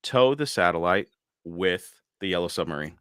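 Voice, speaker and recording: Deep-voiced, laughing podcast host man. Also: normal speed, clear, resonant tone, no echo, clean studio sound. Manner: laughs often, excited and chatty. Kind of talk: casual live-stream chat.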